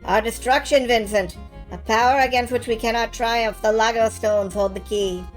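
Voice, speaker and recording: A woman voices a grave old master who delivers dire warnings slowly and solemnly. His foreboding tone carries over soft game music playing in the background. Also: on the high side, fairly even intonation, voice pushed up, lightly acted.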